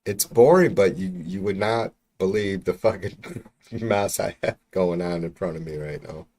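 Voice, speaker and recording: His low, dark voice moves a little slowly as he talks casually with livestream viewers. He rambles, swears freely, and keeps the mic about an arm's length away.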